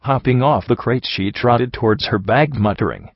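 A man reading a first-person fan fiction story aloud in a wry, even manner. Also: medium pitch, moderate pace, hardly any pauses, no room sound, dull audio. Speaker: audiobook reader.

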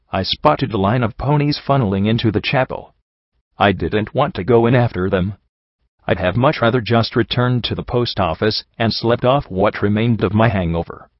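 Man reading an audiobook, steady n introspective, low voice, dry dull recording. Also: no echo. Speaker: audiobook narrator. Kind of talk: first-person audiobook narration.

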